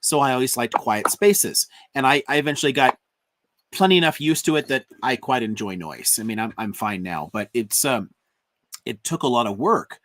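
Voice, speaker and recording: An American man hosting a casual live-stream chat, halting and repeating his words often. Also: medium pitch, expressive, a bit bright, no echo. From United States. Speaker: host.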